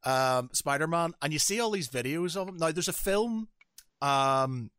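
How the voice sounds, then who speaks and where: A man's voice: fairly high pitch, lively intonation, a little slow, fairly bright tone, clean tone, no room sound, studio quality. A man co-hosting a podcast, telling stories in a rambling way that keeps stopping and restarting. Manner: rambling, self-interrupting storyteller. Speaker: podcast co-host. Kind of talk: casual chat.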